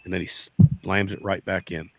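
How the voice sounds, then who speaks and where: Man, low voice, folksy beekeeper telling stories. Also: little pitch movement, moderate pace, vocal fry, fairly bright tone, no echo. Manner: folksy, repeats "I said" in quoted dialogue. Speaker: beekeeper guest. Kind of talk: casual storytelling.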